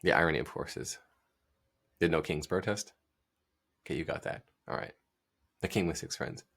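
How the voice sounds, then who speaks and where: A man with a fairly low voice hosts a solo talk show. He speaks casually and emphatically, often restarting his sentences and leaning on fillers. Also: moderate pace, gravelly, fairly bright tone. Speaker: podcast host. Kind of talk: casual solo commentary with read-aloud.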